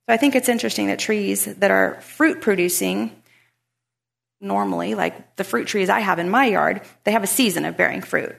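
A woman's voice: medium pitch, moderate pace, gravelly. A woman giving a casual devotional talk, reading scripture and chatting about everyday life. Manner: chatty, animated when retelling a story. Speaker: Bible study speaker.

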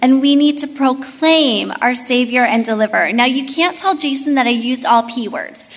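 Woman, high-pitched, chatty devotional teacher, echo of a church hall. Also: normal speed. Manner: chatty, storytelling, frequent "like". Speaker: Bible study teacher. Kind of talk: devotional teaching with personal story.

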